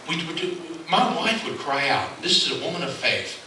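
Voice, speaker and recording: A man's voice: mid-range voice, lively intonation, fast, few pauses. A man giving an earnest motivational speech to a live audience, repeating his key lines and mixing in joking stories. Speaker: motivational speaker. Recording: echoey hall from far off, noisy.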